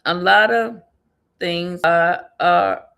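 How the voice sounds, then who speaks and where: A woman's voice: lowish voice, drawn-out words, creaky, a bit bright. A woman giving a casual spiritual reading, rambling and repetitive, often laughing and muttering to herself. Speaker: tarot and numerology reader.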